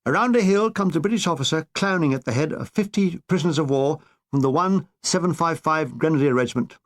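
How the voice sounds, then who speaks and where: A man's voice: a little high, fairly quick. Wry male audiobook narrator. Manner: dry, wry storytelling. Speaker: author narrating his memoir.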